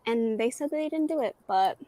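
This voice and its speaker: A woman's voice: a little high, expressive, normal speed, dark tone. A woman casually telling a spooky story from home on a livestream, retelling dialogue with lots of "like". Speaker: guest on a livestream. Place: at home in a townhouse.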